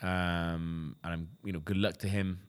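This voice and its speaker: A man co-hosting a comedic chat, talking in a mock-serious deadpan way with lots of ums. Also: low-pitched, measured pace, clean tone. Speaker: podcast co-host.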